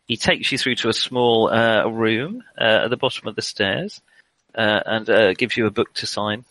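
A man's voice: fairly low pitch, normal speed, fairly bright tone, dry recording, rough recording. A man running a tabletop role-playing game, narrating with many hesitant fillers. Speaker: game master.

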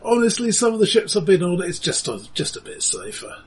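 A man's voice: high-pitched, fairly quick, slightly rough. A man playing in a tabletop game, chatting casually in a matter-of-fact, detail-minded way. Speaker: player.

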